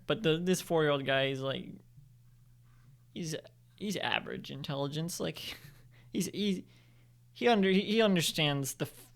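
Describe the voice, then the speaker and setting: A young man improvises a story at home in a meandering way, full of "like" and restarts. His voice sits a little high, gravelly yet smooth and clear. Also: a bit bright. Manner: rambling, self-correcting, many fillers. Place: home, indoors.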